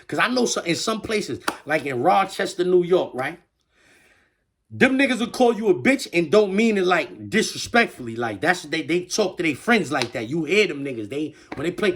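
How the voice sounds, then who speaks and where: A man's voice: sits high, big pitch swings, moderate pace, fairly bright tone, slightly rough. A man giving a casual commentary rant in slangy street talk, full of stammered restarts. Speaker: online commentator.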